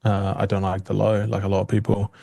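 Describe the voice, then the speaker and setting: A man's voice: lowish voice, completely flat delivery, fairly quick, gravelly, warm tone, no room sound, clean studio sound. British man on earbud mic. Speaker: trader guest. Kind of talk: casual trading chat. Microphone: earbuds over a computer call.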